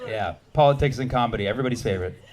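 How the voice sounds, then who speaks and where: This is a stand-up set by a man in his thirties from the United States, bantering with the audience in a rapid, animated way at a club. He speaks at a medium pitch over a noisy backdrop.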